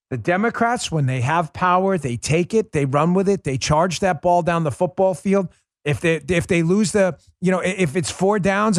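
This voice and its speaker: A middle-aged political commentary host delivers a fired-up, scornful monologue, pounding his points with insults and repetition. His high voice swings widely in pitch, and the recording is close and dry with no room sound.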